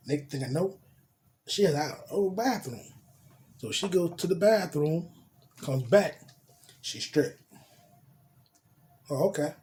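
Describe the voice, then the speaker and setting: A man's voice: fairly high pitch, animated, takes it slowly, long pauses, a little mellow. A man telling a crude personal story in casual slang, dropping in spoken sound effects. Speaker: storyteller vlogger.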